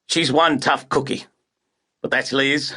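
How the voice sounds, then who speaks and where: A man's voice: mid-range voice, steady tone, slow, bright, forceful tone, slightly rough, exaggerated voice. A man voicing a hard-drinking, middle-aged film star with a Welsh accent and a blunt, wry drawl. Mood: amused.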